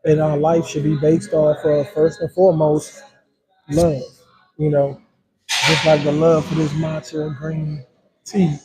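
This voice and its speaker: A man's voice: fairly high pitch, measured pace, pauses often, a crowd in the background, poor audio. A man hosting a casual livestream, rambling easily and talking straight to his viewers, with in his speech. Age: adult with a hundred-year-old grandmother. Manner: relaxed, rambling, talks to viewers as y'all. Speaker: live-stream host.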